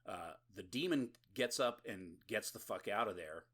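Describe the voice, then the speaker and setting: A man's voice: lowish voice, lively intonation, normal speed, a bit bright, breathy edge. A man co-hosting a podcast, recapping a horror movie in casual, rambling, profane chat and laughing often. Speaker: podcast co-host.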